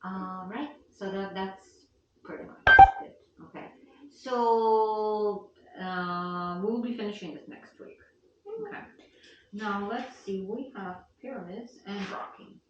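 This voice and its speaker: A woman's voice: medium pitch, slow pace, muffled recording, a little hiss or hum. Patient woman teaching piano, echoey and distant. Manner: patient, counts beats aloud loudly. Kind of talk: one-on-one piano lesson. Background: piano playing.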